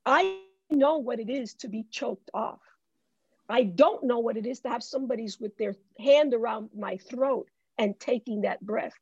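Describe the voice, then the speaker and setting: A woman from the Bronx, speaking as a guest in an interview with a preaching cadence, slowing into emphatic drawn-out phrases. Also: fairly high pitch, husky, no echo. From the Bronx, New York. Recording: dull lo-fi dry sound.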